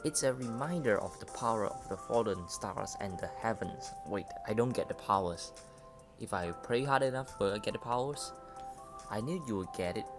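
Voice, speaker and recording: A man's voice: fairly low pitch, animated, normal speed. A man casually reading a dating game aloud, stumbling over words now and then. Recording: voice over loud game music. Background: game music.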